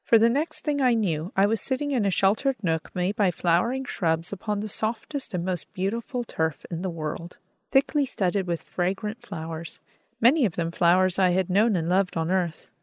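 A woman calmly reading a first-person audiobook narration in a measured, earnest manner. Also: medium pitch, no echo, clean studio sound. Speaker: audiobook reader.

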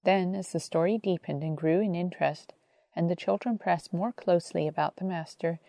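A woman narrating an audiobook in a calm, reverent reading voice. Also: fairly low pitch, moderate pace, gravelly, no echo.

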